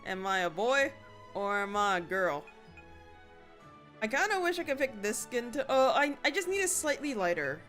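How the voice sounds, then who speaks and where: A woman streaming a video game, chatting casually with her viewers and breaking into sudden excited squeals. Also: on the high side, normal speed, soft background music. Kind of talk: casual gameplay commentary.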